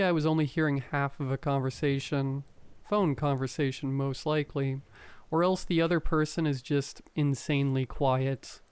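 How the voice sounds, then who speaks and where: A man reading a first-person horror story aloud, calm and measured as a storyteller. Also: mid-range voice, smooth, dry recording.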